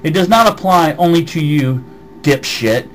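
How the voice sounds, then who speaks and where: A man's voice: on the high side, animated, moderate pace, slight background noise, low-quality recording. A man with a slight Southern American accent, ranting on a vlog and reading out comments in a heated, swearing voice. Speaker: vlogger. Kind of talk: angry vlog rant answering comments.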